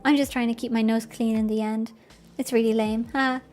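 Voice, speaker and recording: A woman's voice: fairly high pitch, level tone, a little fast, a little mellow, pitched below the performer's own voice, lightly acted. A woman voicing Marina, a blunt, tired young woman. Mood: self-mocking. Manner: blunt, self-mocking. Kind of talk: reading visual novel dialogue aloud.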